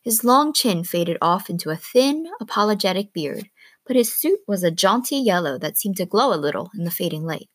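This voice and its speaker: A woman reads a novel aloud in a calm, steady storytelling voice. Her pitch sits in a middle range. The recording is close and dry, with no room sound. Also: moderate pace, slightly rough, dry recording. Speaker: reader.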